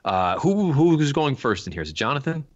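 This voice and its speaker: A man's voice: medium pitch, big pitch swings, normal speed, dull audio. A man hosting a horse racing podcast, steering the panel and putting questions to his guests. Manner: moderating, posing questions to panelists. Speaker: podcast host.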